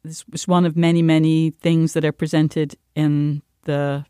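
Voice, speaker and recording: A woman on a podcast panel, chatting casually with frequent halting restarts. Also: low voice, little pitch movement, mellow, clean tone, no echo, clean studio sound. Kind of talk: casual chat.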